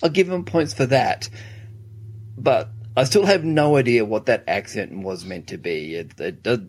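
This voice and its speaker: A man's voice: medium pitch, a little slow, a little mellow. A man co-hosting a casual film review chat, wry and incredulous, often repeating words as he restarts. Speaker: film review podcast co-host.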